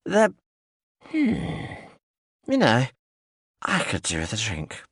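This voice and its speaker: A man's voice: mid-range voice, huge pitch swings, slow, husky, no echo, studio quality, voice pushed up, heavily acted. A male narrator voicing a drunk, slurring, grey-haired older soldier with pompous, befuddled dignity in an audiobook. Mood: drunken bluster. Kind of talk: audiobook character voice.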